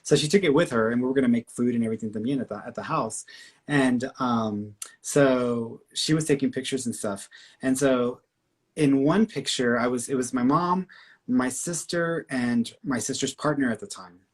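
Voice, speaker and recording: A man with a husky, slightly breathy voice hosts a live stream and chats through a personal story. He talks casually, with lots of "like" and restarts. When he quotes other people he jumps into a noticeably higher voice. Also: normal speed. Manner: animated storyteller who acts out quoted speech in a higher voice; chatty, full of "like" and restarts. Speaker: psychic medium, live-stream host.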